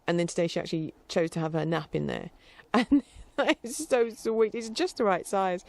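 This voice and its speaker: A middle-aged woman chatting casually in a rambling, warm-hearted way, with fillers and light laughter. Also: on the low side, normal speed, gravelly, no room sound. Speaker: vlogger. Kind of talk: casual chat.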